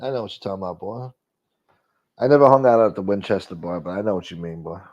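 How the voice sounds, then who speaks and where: Low-voiced profane New host. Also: male voice, fairly even intonation, fast talker. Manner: profane, rambling, reacting to viewer comments. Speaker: live stream host reading chat. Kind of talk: casual chat. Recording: dull lo-fi audio.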